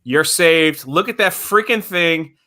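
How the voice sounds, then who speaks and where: A man with a bright, somewhat high voice co-hosts a casual stream. He jokes around and gets excited easily. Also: slow pace.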